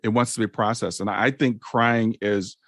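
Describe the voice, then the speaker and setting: A man hosting a podcast interview, talking in a soft, affirming and thoughtful way. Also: on the low side, fairly even intonation, normal speed, no echo, clean studio sound. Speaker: podcast host. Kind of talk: casual interview chat.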